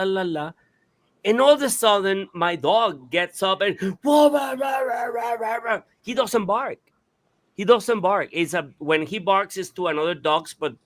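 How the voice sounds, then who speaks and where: A man hosting a radio talk show, telling a story in an animated, casual way, swearing and imitating sounds. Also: high-pitched.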